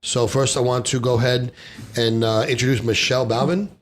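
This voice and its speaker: A male podcast host with a rough voice that he says is off today. He talks in a brash, joking way and swears freely. A faint hiss of noise sits under the recording. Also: medium pitch, fairly even intonation, brisk. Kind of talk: casual podcast chat.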